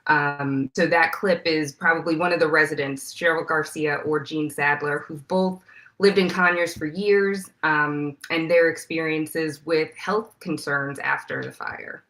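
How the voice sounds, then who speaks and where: A woman reporter being interviewed as a guest, explaining her investigation in a clear, steady way. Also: low voice, unhurried. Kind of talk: interview answers.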